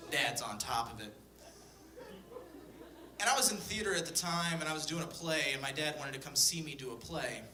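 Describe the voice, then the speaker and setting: A man's voice: medium pitch, far from the mic. Profane young man doing stand-up storytelling. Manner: profane, deadpan storytelling with acted-out quotes. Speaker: stand-up comedian. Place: comedy stage before a live audience. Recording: echoey room, voice from afar.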